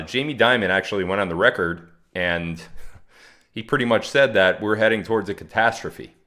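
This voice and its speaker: A man's voice: low voice, a bit bright. Chatty man hosting a livestream. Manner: chatty, mocking, reads viewer comments aloud. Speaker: livestream host. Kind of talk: casual livestream talk to chat.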